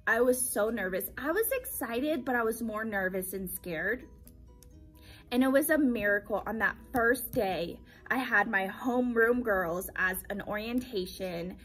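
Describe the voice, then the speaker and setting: Breathy young woman telling teacher stories. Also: a little high, measured pace, soft background music. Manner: animated, acts out quoted voices, repeats phrases for emphasis. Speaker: teacher sharing her story. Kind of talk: casual storytelling vlog.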